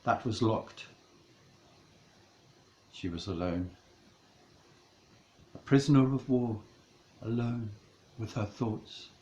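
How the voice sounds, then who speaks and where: A man narrating a comic storybook in a mock-dramatic, deliberate way. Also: lowish voice, darkish tone, roomy sound, slight background noise, poor audio.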